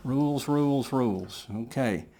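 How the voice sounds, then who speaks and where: Guy teaching calculus real slow, patient, walks thru every step out loud. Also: medium pitch. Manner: slow, patient, talks through each step aloud. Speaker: math teacher. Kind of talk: whiteboard math lesson.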